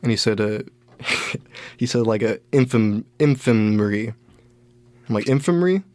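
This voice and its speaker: A young man hosting a podcast, telling a rambling story with lots of restarts and animated bits. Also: on the low side, moderate pace, dry recording. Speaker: podcast host. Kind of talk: casual storytelling monologue.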